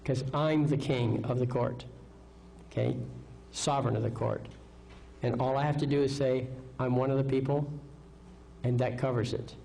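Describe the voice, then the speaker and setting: A man's voice: medium pitch, steady tone, normal speed, vocal fry, long pauses, dark tone, slight background noise, rough recording. A man giving a live seminar lecture, confident, asking rhetorical questions and checking in with "okay?". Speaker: seminar speaker.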